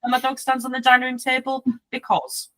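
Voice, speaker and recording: A woman's voice: sits high, completely flat delivery, a little fast, a bit bright. A young woman hosting a casual chat, telling stories and acting out quotes. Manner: chatty, acts out quotes in voices. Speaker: host.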